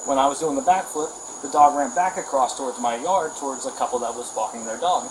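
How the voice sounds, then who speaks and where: A man outdoors at night, defensively and excitedly explaining a fight to police, swearing as he goes. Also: medium pitch, fast talker. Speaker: homeowner and dog owner. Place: residential sidewalk outdoors at night. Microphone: police body camera. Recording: noisy outdoor body cam audio.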